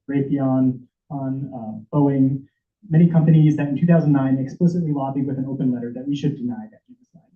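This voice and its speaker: A man giving an impassioned, emotional prepared speech as a public commenter at a senate meeting, urgent and stumbling at times. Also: mid-range voice. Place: meeting hall. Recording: echoey room over tinny phone-like audio.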